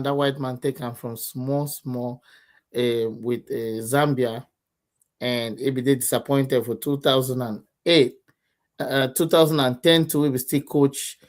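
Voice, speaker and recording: A man with a Nigerian accent making earnest points in a casual football chat, repeating himself as he builds each point. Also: mid-range voice. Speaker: co-host.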